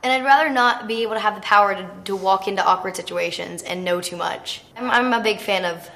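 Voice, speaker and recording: A teenage girl telling stories casually in an interview, chatty and animated, with plenty of filler words. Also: medium pitch, fairly quick. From United States. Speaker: actress interviewee.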